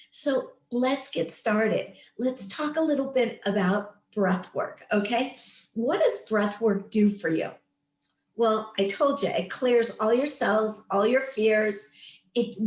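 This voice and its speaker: A woman's voice: a little high, reverberant. A woman in her late fifties, a wellness coach telling a personal story in an earnest, emphatic, inspirational way before leading a meditation. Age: 50s. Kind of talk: heartfelt storytelling and coaching talk.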